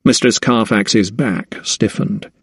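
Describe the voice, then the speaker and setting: Man narrating a historical mystery audiobook, steady, dry close studio sound. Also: on the low side, slow, breathy edge, no echo. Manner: steady, even storytelling. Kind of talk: scripted narration.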